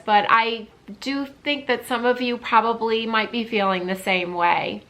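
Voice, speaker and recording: A woman in her fifties talking candidly to camera in a personal vlog, heartfelt and halting, with frequent pauses and restarts. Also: fairly high pitch, fairly even intonation, a bit bright. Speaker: vlogger.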